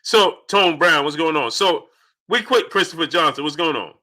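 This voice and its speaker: A man hosting a casual live stream, greeting chat viewers by name one after another in an animated, rapid-fire way. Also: on the high side.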